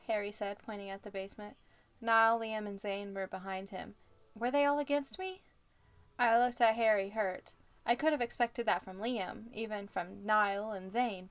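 A woman co-hosts a podcast, reading fan fiction aloud with her own commentary and jumping up in pitch for the quoted lines.

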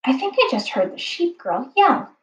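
A woman's voice: high voice, sing-song, normal speed, pitched above the performer's own voice. A woman doing a boastful male art thief. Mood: uneasy. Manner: grandiose, boastful. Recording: dull, roomy home recording.

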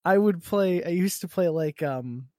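A man's voice: high-pitched, measured pace, a little mellow, no echo, clean studio sound. A man co-hosting a podcast, chatting casually, giggling often and trailing off mid-thought. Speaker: podcast co-host. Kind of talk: casual chat.

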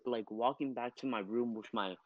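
A man's voice: medium pitch, normal speed, narrow, tinny audio. A teenage boy co-hosts a casual podcast in an ordinary mid-range voice. His talk is goofy and self-deprecating. Background noise hisses steadily through the recording. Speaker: podcast co-host. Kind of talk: casual chat.

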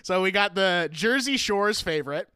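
A man's voice: sits high, expressive, normal speed, sharp tone, clean tone, no room sound, clean studio sound. A man hosting a podcast, chatting in a jokey, playful way. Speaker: podcast host. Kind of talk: casual chat.

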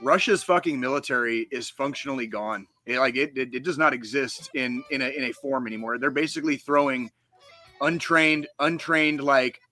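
A man's voice: medium pitch, moderate pace, sharp tone, soft background music. A man co-hosting a podcast in casual chat, ranting heatedly with heavy swearing and frequent restarts. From United States. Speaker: podcast co-host.

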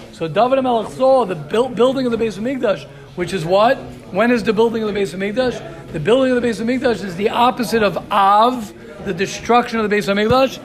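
A man giving a Torah class, reading Hebrew text quickly and then explaining it with excitement, often asking "right?" and "you hear this?". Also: high voice. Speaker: Torah teacher.

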